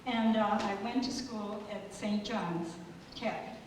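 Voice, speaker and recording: An older woman in her seventies from the United States, softly telling a story in a speech at an anniversary party, recorded from far off in a large hall. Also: medium pitch, steady tone, takes it slowly. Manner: soft-spoken, chatty, with restarts. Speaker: guest giving a speech. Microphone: far room microphone. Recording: echoey hall from far off, noisy.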